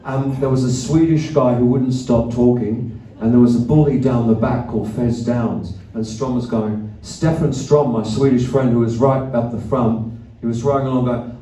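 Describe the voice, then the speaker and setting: A man's voice: mid-range voice, fairly even intonation, moderate pace, warm tone. Rambling man on a theatre stage. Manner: loose, profane, self-mocking storytelling. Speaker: musician performing live. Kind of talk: rambling stage banter between songs. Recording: live theatre recording, roomy and distant.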